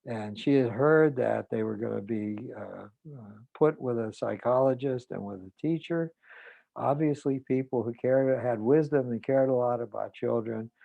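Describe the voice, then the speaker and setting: An older man, a psychologist hosting his own show, telling a family story in a halting way, full of fillers and restarts, and quoting people in a softer, lower voice. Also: vocal fry, dry recording, phone-quality sound. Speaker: psychologist host. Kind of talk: reflective storytelling monologue.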